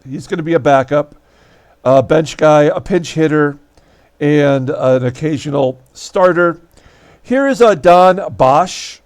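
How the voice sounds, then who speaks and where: A man hosting his channel, talking casually and wryly through his tabletop baseball replay, with many fillers and sudden jumps in pitch. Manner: chatty, wry, frequent fillers, animated pitch jumps. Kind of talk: casual solo commentary.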